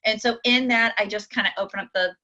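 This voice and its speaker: Woman sales coach from Akron, bright and chatty, a little lo-fi. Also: medium pitch, steady tone, fast talker. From Akron, Ohio. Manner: chatty, lots of fillers, acts out dialogue. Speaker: direct sales party consultant and coach. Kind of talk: casual coaching talk.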